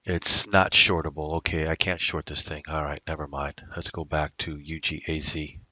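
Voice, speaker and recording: A man's voice: rumbling low, level tone, normal speed, bright, forceful tone, dry recording. A man day trading at his computer, narrating his moves in a rambling, casual way full of fillers. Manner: rambling, muttering to himself with fillers. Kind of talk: casual live trading commentary.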